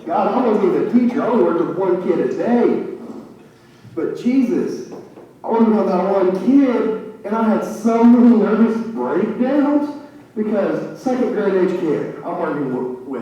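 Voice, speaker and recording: A man doing live stand-up comedy, laughing at his own jokes and acting out quick bits of dialogue. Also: high-pitched, animated, warm tone, muffled recording, slight background noise. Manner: acts out dialogue in quick impressions. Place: veterans' hall stage. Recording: echoey hall mic from a distance.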